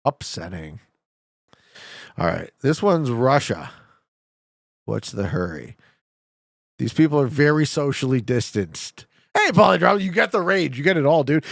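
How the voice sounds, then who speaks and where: Animated, gravelly-voiced male streamer. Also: medium pitch, moderate pace, pauses often, no echo, studio quality. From Canada. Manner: profane, excitable, joking banter with chat. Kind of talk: casual live-stream commentary while playing.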